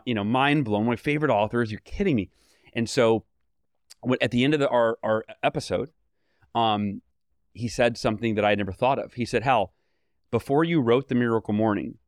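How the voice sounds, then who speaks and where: A man guest on a podcast interview, telling lively stories with many fillers and restarts. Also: medium pitch, no echo, studio quality. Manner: animated storytelling, fillers and restarts. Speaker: guest author.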